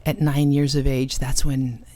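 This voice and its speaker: A woman and ministry cofounder giving an earnest, emotional personal testimony, with dramatic pauses. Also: very deep voice, little pitch movement, mellow. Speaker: ministry cofounder and conference speaker.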